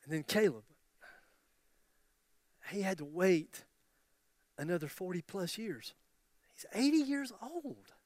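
A man in his fifties delivers a sermon in a strikingly high voice, building with passion through repeated phrases and breaking into joking asides. The sound is dry and close, with almost no room around it. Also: sing-song, slow pace, long pauses, no echo. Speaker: pastor.

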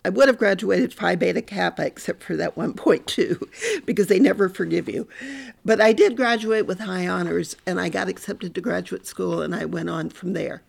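Older woman with a gravelly voice. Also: lowish voice, moderate pace. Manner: candid, animated storyteller. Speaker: guest, professor. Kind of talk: podcast interview, storytelling.

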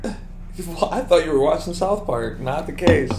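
A man's voice: a little high, animated, measured pace. Profane laughing man in echoey room. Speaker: podcast co-host. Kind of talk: casual banter. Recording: echoey room with background noise.

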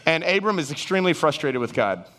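A man preaching a sermon, animated, acting out Bible figures and his listeners in raised voices. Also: fairly high pitch, fast. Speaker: pastor. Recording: reverberant hall sound.

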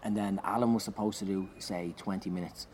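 A man, a comedian, telling an animated anecdote in conversation, swearing and shouting out the lines he acts. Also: low-pitched, fairly quick. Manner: animated, swearing, loud acted-out bursts. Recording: noisy background.

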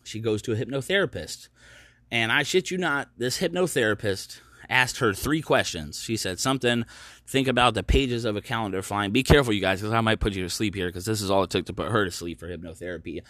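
A man's voice: on the low side, fairly quick, fairly bright tone, no room sound. A man hosting his own podcast, telling a story in a sarcastic, profane, ranting way. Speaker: podcast host. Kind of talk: casual ranting commentary.

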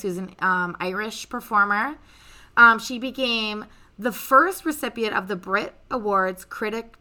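A young woman hosting a casual podcast, chatty and loose with swearing. Her voice is very bright, sitting at an ordinary middle pitch. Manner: chatty, swears freely, storytelling. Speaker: podcast host. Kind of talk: casual chat.

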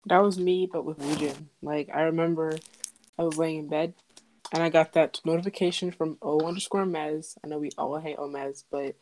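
A woman's voice: sits low, steady tone, moderate pace, darkish tone, a little hiss or hum. A young woman in casual fan chat, rambling with many fillers and quoting her own reactions. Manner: rambling, lots of fillers, emphatic quotes.

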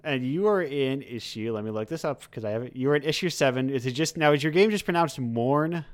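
A man hosts a live stream interview in a chatty way, easily sidetracked, laughing often and correcting himself mid-thought. His medium-pitched voice is lively in intonation and a little fast.

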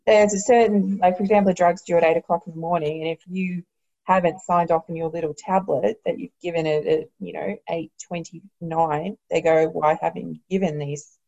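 A woman with a mellow, fairly low voice talks casually about her nursing work. She explains things in a relaxed way. The audio sounds a little dull. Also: brisk, vocal fry. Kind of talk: casual chat.

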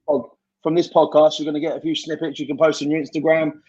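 A man's voice: on the high side, level tone, fast talker, dark tone, breathy edge, muffled recording. A man in casual podcast chat, blunt and sweary, giving fired-up motivational advice. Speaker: podcast guest.

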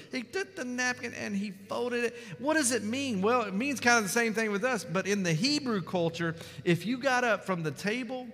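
High bright-voiced preacher. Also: male voice, big-room sound. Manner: fervent preaching, swings from loud to hushed. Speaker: pastor. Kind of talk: sermon. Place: church sanctuary.

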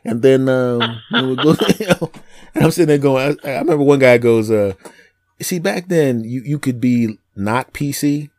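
A middle-aged man from Philadelphia with no regional accent, hosting a casual chat and telling stories with lots of laughter and quick character voices. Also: mid-range voice. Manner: animated storyteller, slips into funny voices, laughs a lot. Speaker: podcast host and comedian.

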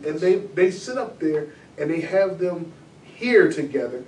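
A man with a high voice who talks emphatically in casual conversation. He sits away from the mic in a reverberant room, with faint noise underneath. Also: expressive, measured pace, darkish tone, recorded from a distance. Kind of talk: casual chat.

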